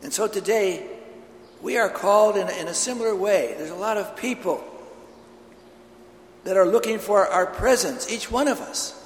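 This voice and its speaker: A man's voice: high-pitched, normal speed, pauses often, a little hiss or hum. A man preaching a homily, earnest and telling stories, in a large church. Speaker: priest. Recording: echoey church hall with long reverb.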